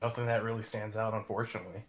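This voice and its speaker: A man's voice: fairly low pitch, level tone, rapid-fire. A man chatting casually on a podcast, making dry, laid-back remarks. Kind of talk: casual chat. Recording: echoey room.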